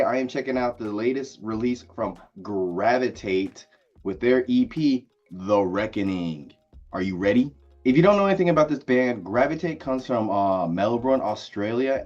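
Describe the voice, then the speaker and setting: A man's voice: on the low side, darkish tone, lo-fi sound. An enthusiastic man giving a casual spoken music review, with plenty of "like" and "uh" fillers. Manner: enthusiastic, lots of likes and uhs. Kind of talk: casual video album review.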